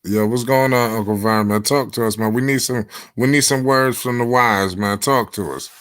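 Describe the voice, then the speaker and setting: A man's voice: mid-range voice, normal speed, a bit bright, no echo. A man with a mid-range voice hosts a casual sports podcast. His talk is loose and playful, and his voice sounds dry and close with no room behind it. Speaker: show host.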